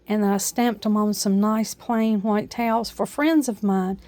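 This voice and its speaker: A woman's voice: mid-range voice, fairly even intonation, a little slow, dark tone, dry recording. A woman at home in her kitchen with an Appalachian accent, chatting homily through her decorations in a casual vlog. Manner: homey, chatty, with frequent uh fillers. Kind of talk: casual show-and-tell vlog.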